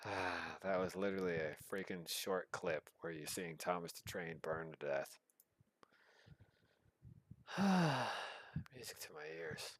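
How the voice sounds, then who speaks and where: Slow, deep-voiced man with dry commentary. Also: expressive, fairly bright tone, a little hiss or hum. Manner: laid-back, wry, swears casually. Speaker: host. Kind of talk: casual commentary on old clips.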